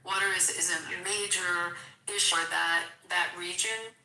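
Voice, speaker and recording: A woman's voice: lowish voice, fairly even intonation, sharp tone. Philly-accented woman, echoey and distant. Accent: Philadelphia. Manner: halting, searching for words with many restarts. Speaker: guest. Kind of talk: casual political discussion.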